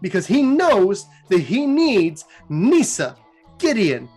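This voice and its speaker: A man's voice: sits high, wildly swooping pitch, takes it slowly, darkish tone, breathy edge, faint music behind. Chatty, giggly young man retelling lore. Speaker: host.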